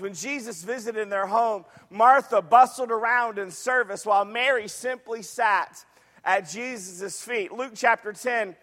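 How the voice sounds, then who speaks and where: Preaching as pastor in a church sanctuary, a man delivers an emphatic sermon, repeating phrases and putting questions to the congregation. His voice is high and fairly bright, with a big-room sound around it.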